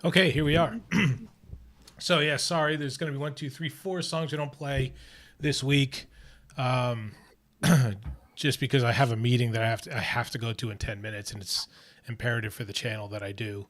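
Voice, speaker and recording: A man's voice: mid-range voice, fairly even intonation, moderate pace, fairly bright tone. A man hosting a casual livestream chat, talking in a rambling way with lots of restarts and fillers. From Australia. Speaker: host.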